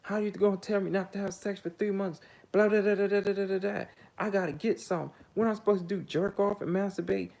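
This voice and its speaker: A man's voice: high voice, steady tone, fast, gravelly, few pauses, pitched above the performer's own voice. A man mimicking a brash, crude young woman. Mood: indignant. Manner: loud, profane, indignant.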